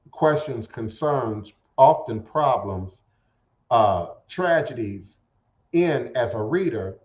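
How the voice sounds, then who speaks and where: A man's voice: medium pitch, darkish tone. Male radio host, loose rambling monologue full of restarts, dull lo-fi stream sound. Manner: rambling, halting with repeated words. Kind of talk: casual spiritual talk show monologue. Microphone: home setup streamed to internet radio. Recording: roomy, dull lo-fi internet radio audio.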